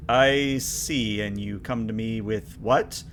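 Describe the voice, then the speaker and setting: Man playing a measured, formal alien officer, calm and a bit baffled. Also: fairly low pitch, a little hiss or hum. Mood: puzzled.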